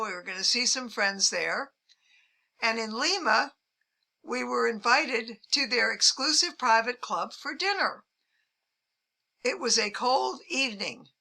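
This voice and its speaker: An older woman, a travel vlogger, telling amused anecdotes to the camera in a measured way and lifting her pitch when she quotes people. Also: vocal fry, sharp tone.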